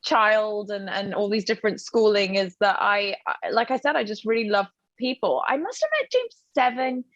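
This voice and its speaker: A woman in her thirties from Britain, a podcast guest who talks in an animated way and laughs often. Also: mid-range voice, moderate pace, few pauses, no echo. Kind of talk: casual interview chat. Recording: dry, dull lo-fi audio.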